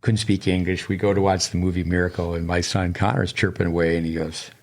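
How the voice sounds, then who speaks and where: A man's voice: low-pitched, level tone, fast talker, gravelly. An older man, a tennis coach and podcast co-host, telling long digressive stories in casual chat, with many restarts.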